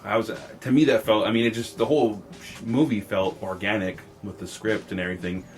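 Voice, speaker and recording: A man co-hosting a podcast, talking excitedly and profanely in a casual film review chat. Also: on the low side, a little fast, soft background music. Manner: excited, profane, retells scenes. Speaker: podcast co-host.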